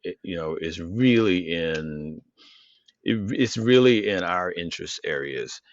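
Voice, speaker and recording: Deep-voiced man, dry and dull mic. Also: no echo. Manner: halting, restarts often, stutters when surprised; cursing, relaxed. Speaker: podcast co-host. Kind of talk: unscripted casual chat.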